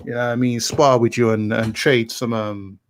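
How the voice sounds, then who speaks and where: A man's voice: mid-range voice, flat delivery, moderate pace, a little hiss or hum. Laid-back man talking with slang. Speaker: caller. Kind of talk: casual chat.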